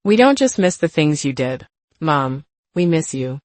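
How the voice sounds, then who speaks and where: A woman voicing an exhausted, remorseful grown daughter in a spoken story, halting and hesitant. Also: deep voice, very animated, a little mellow, no room sound.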